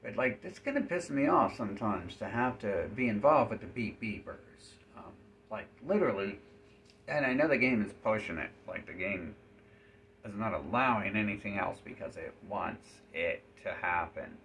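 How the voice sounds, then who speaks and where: Man, rambling monologue, swearing, run-on sentences, gravelly voice. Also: on the low side, lively intonation, moderate pace, a bit bright, slight background noise.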